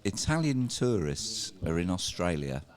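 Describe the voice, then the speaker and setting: Male guest from England, low register, animated rambling storyteller, swears freely. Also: a little slow. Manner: rambling, swearing, laughs while telling stories. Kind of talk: casual bar chat, storytelling.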